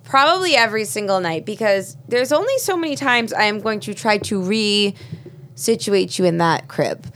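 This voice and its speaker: A woman in her thirties co-hosting a podcast, telling lively family stories in casual chat. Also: mid-range voice, moderate pace, a little hiss or hum. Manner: animated storyteller, acts out her baby's cries. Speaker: podcast co-host.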